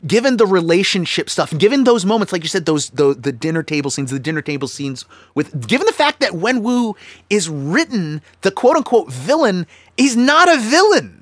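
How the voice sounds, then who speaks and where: A man co-hosting a casual film-review chat, talking animatedly with quick restarts and acting out characters' lines. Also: sits high, very animated, dry recording. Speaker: podcast co-host.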